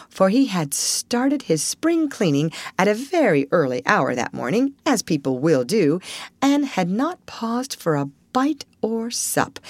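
Gentle woman reading a storybook. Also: low-pitched, no echo. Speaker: audiobook reader. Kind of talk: storybook narration.

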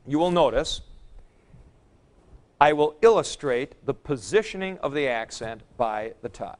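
A man lectures a classroom on Greek grammar at an unhurried pace. His voice sits a little high and comes through smooth and clear. He chants word forms aloud and stops to answer students. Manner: lively, chanting noun forms aloud, taking student questions.

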